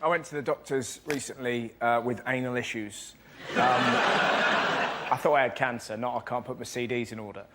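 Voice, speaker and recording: A man telling an animated, self-mocking stand-up anecdote as a comedy panelist. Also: medium pitch, normal speed, very noisy.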